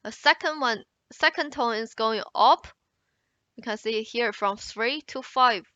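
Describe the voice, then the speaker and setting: A woman with a Mandarin Chinese accent teaching an introductory language lesson, explaining slowly and exaggerating tones in her examples. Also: a little high, sharp tone, no room sound, highs cut off. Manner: slow, careful explanation, exaggerating tone contours in examples.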